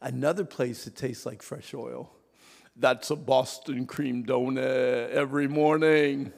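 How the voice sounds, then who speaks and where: A man preaching a Sunday school sermon to adults, teens and kids, swinging from hushed whispers to shouts and having the audience repeat words after him. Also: mid-range voice, fairly even intonation, unhurried, gravelly. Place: church hall. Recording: long reverb of a church hall.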